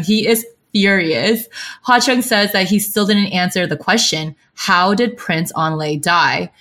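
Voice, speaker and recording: A woman co-hosting a podcast, recapping a novel in a casual and animated way, reading out characters' lines with dramatic flair. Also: lowish voice. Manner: animated storytelling, adds dramatic sound effects. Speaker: podcast co-host.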